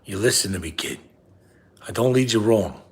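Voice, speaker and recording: A man doing a husky nagging bus-driver dad. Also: on the low side, normal speed. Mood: scolding. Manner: scolding, repetitive, drops to hushed whispers. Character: nagging middle-aged father, bus driver, big-nosed. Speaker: comedian. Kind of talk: comedy character monologue.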